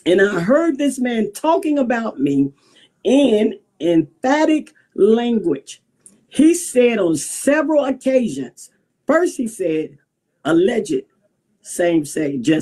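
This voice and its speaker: A woman pastor talking to camera in a sassy, animated way, laughing often and firing off rhetorical questions. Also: medium pitch, slightly rough. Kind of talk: casual talk to camera.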